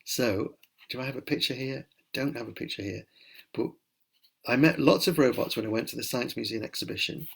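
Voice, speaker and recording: Man, middle-aged, gravelly voice, mid pitch, chatty, enthusiastic, webcam at home. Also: brisk. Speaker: children's author answering reader questions. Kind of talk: casual live Q&A. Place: at home during lockdown.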